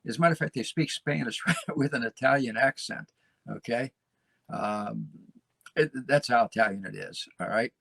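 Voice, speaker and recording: A man's voice: mid-range voice, normal speed, gravelly, fairly bright tone, slightly rough, no room sound. A male host giving a folksy, emphatic monologue, often repeating phrases and tagging lines with "okay?". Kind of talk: casual talk show monologue.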